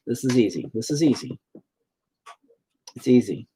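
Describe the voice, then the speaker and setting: A man talking casually to himself while he paints, swearing constantly, self-critical, dropping into mutters and then flaring up loudly. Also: medium pitch, expressive, moderate pace, slight background noise. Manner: drops into whispers and mutters, then flares up loudly. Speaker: painting streamer.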